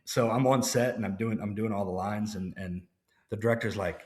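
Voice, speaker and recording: A man from Louisiana talks as an interview guest, and his voice sits fairly low. He tells stories in a loose, relaxed way, full of fillers and self-corrections. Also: brisk, a little hiss or hum. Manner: relaxed storyteller, many fillers and restarts. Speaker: actor guest. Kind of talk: casual interview chat.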